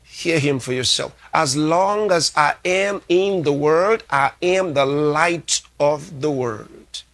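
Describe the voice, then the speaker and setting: A man's voice: fairly high pitch, vocal fry, fairly bright tone. A man preaching a sermon as a pastor, delivering emphatic lines, repeating key phrases and reading scripture aloud. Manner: reads scripture aloud slowly.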